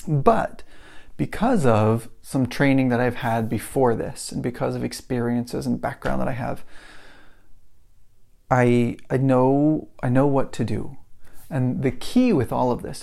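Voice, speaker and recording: A man's voice: medium pitch, unhurried, vocal fry, a little mellow. A man hosting his own podcast, talking casually and rambling a little, often restarting his sentences as he talks through examples from his desk. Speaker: podcast host. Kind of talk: casual solo podcast talk.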